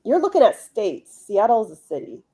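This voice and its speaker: A woman's voice: mid-range voice, wildly swooping pitch, brisk, warm tone, slightly rough. A woman hosting a casual livestream chat, blunt, profane and joking. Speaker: host.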